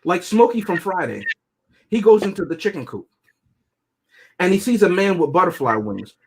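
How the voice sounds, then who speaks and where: A man reviewing movies in a loose, joking podcast chat, chuckling through his own lines. His voice is a bit husky and sits somewhat high. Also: very animated, moderate pace. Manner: joking, chuckles often while talking.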